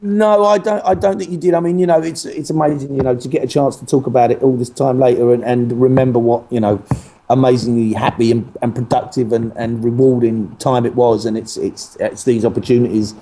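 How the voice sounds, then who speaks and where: A man's voice: mid-range voice, steady tone, brisk, mellow. A man, an actor talking as a guest in a casual interview, who laughs often and keeps restarting his sentences in a playful way.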